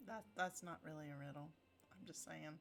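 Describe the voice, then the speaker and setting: A woman's voice: deep voice, fairly even intonation, normal speed, vocal fry, faint music behind. A woman streaming a video game playthrough, commenting playfully and giggling.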